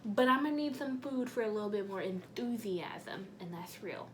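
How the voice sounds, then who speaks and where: A woman hosting a mukbang, talking softly in a slangy, chatty way while she eats. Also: medium pitch, animated, moderate pace, a little hiss or hum. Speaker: mukbang host. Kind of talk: casual chat while eating.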